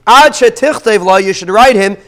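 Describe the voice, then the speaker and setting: A man gives a daily Talmud class, reading the Aramaic text and unpacking it in English. His voice sits high and sounds clean and resonant. He keeps it lively with rhetorical questions. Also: normal speed. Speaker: Talmud teacher.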